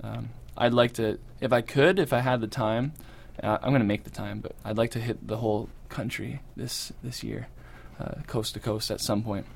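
A man from Canada, a guest musician chatting casually in a radio studio, relaxed and easygoing with lots of fillers. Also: medium pitch, moderate pace, gravelly, a little hiss or hum. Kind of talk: casual interview chat.

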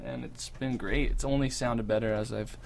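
A man from Canada, a guest musician chatting casually in a radio studio, relaxed and easygoing with lots of fillers. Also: mid-range voice, moderate pace, gravelly, background noise. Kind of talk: casual interview chat.

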